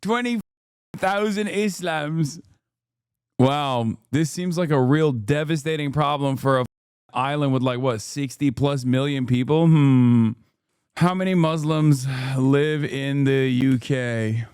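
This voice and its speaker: A man's voice: medium pitch, measured pace, darkish tone, smooth, dry recording, studio quality. A man in his thirties streaming a reaction, ranting and mocking with a sarcastic edge. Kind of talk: live-stream reaction commentary.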